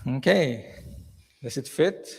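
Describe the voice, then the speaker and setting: A man's voice: mid-range voice, expressive, slow, gravelly, a little mellow, husky. A man narrating a live church skit and coaching volunteers on stage, with a frequent "okay". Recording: echoey hall reverb.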